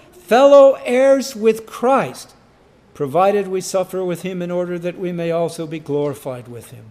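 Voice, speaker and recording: Male preacher, high voice, slow and deliberate, emphatic with sudden loud cries. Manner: emphatic, repeats key phrases, rises to sudden loud cries. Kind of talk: sermon.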